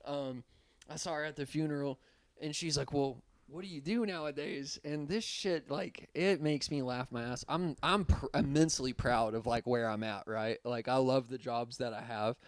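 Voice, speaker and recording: A man, co-hosting a podcast in casual chat, laid-back and quick to laugh while telling stories. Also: medium pitch, no room sound. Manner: laid-back, swears freely, laughs mid-story. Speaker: podcast co-host.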